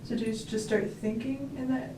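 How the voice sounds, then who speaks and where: A woman learning grammar listens closely and asks short questions to check she has understood. Her slightly high voice comes from a distance in an echoey room. Background noise is steady. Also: fairly quick. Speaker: student.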